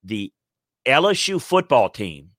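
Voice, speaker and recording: A man in casual sports talk, rambling and animated with many restarts. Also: mid-range voice, takes it slowly, no room sound, studio quality. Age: older. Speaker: sports commentator.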